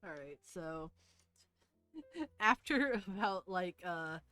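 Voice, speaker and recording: A woman's voice: fairly low pitch, animated, takes it slowly, pushed and bright, no echo. A young woman running a tabletop game as game master, narrating in a laid-back, rambling way with many fillers. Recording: faint music behind.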